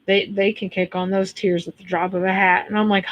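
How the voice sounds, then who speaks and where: A woman's voice: medium pitch, flat delivery, fairly quick, highs cut off. A woman in her thirties with an American accent, chatting casually on a livestream, blunt and chatty and cursing freely. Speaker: livestream host reading chat. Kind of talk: casual chat.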